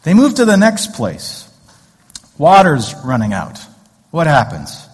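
Husky preacher in an echoing hall. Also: male voice, a little high, wildly swooping pitch, slow, pauses often. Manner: conversational, joking asides, rhetorical questions. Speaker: pastor. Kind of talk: sermon. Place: church sanctuary. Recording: long hall reverb.

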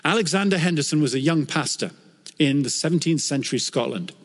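A man preaching a sermon as a pastor, telling stories in an earnest, animated way that lifts when he quotes scripture. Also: a little high, a little fast, slightly rough. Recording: long hall reverb.

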